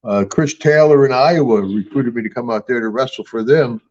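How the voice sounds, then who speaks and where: A man's voice: medium pitch, normal speed, a little mellow, muffled recording. An older man telling rambling, folksy stories with frequent chuckles in a casual interview. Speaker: guest and star of the show.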